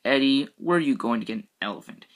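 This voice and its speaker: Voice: medium pitch, animated, fast talker, close to an everyday voice. A reader voicing a smug, teasing teenage older brother in a spooky storybook, read aloud with stumbles. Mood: taunting. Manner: mocking, taunting.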